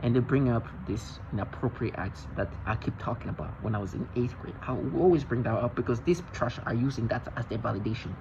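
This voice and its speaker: A man's voice: mid-range voice, fast talker, few pauses, noisy background. Male vlogger, agitated and intense, keeps restarting sentences; muffled lo-fi sound. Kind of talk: rambling monologue to camera.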